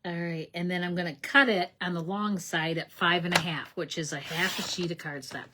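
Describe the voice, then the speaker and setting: A woman's voice: on the low side, steady tone, normal speed, background noise. A middle-aged woman hosting a card-making tutorial, chatty and enthusiastic, explaining each step and often correcting herself. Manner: chatty and enthusiastic, talks to viewers as "you guys". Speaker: craft demonstrator, channel host.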